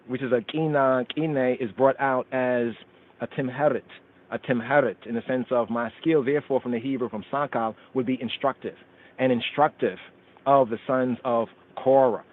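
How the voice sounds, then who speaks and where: A man's voice: medium pitch, fairly even intonation. Man teaching scripture over a phone line. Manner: chants verses in Amharic and Hebrew, then explains slowly. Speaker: radio show host teaching scripture. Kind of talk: scripture study talk. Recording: phone-line call-in radio sound.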